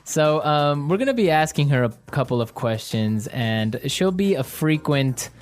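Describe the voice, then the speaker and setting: A man's voice: on the high side, measured pace, faint music behind. A man hosting an English lesson podcast, chatting casually and joking. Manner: relaxed, joking, conversational. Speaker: podcast host.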